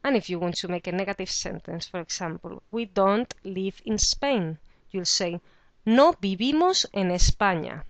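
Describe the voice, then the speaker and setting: A woman teaches a beginner Spanish lesson from a script. She explains each verb ending and then says the example words slowly and clearly. Her voice sits at a middle pitch, recorded close and dry with no room sound. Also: expressive, no room sound. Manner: clear, slow model pronunciation of example words.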